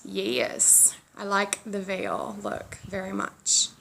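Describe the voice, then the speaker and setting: Lady doing a knitting podcast outside, gravelly fry, rambly and chatty, pokes fun at herself. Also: medium pitch, big pitch swings, takes it slowly, background noise. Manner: chatty and rambling, self-deprecating. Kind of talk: casual chat. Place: sitting outdoors by a road.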